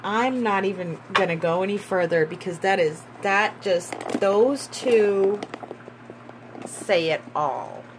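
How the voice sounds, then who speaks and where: A woman giving a tarot reading in a slow, musing way, repeating herself and breaking into excited bursts. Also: medium pitch, background noise. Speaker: tarot reader.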